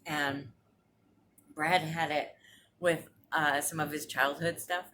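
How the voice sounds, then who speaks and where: A woman around forty talks casually at home for her vlog in a low, deep voice. She rambles along with plenty of fillers and restarts. A faint hiss sits under the recording. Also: steady tone, slow, bright, forceful tone. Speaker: vlogger. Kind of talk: casual chat. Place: apartment.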